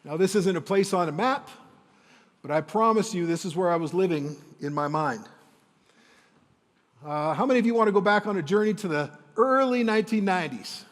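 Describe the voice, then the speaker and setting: A man in his fifties, telling a personal story on stage as a motivational speaker, dramatic and emotional with slow, weighty pauses. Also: sits high, animated, long reverb tail. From Windsor, Ontario, Canada.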